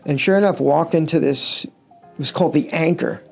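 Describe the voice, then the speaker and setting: A man's voice: a little high, brisk, gravelly, a little mellow, soft background music. A middle-aged man, a touring guitarist, chatting casually in an interview and telling rambling stories with wry humor. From United States.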